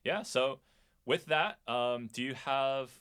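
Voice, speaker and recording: A man co-hosting a podcast, chatting about a film in an easygoing, hesitant way that trails off quietly. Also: mid-range voice, takes it slowly, clean tone. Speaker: podcast co-host. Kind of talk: casual chat about a film.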